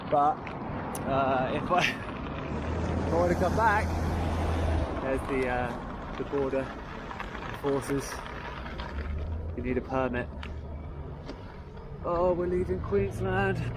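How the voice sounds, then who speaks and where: A man vlogging casually as he rides a bicycle along a country highway, rambling and chuckling as he talks to viewers over wind and road noise. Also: slow, long pauses. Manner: rambling, chatty asides to viewers, chuckles often. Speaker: touring cyclist vlogger. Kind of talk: casual vlog narration while cycling.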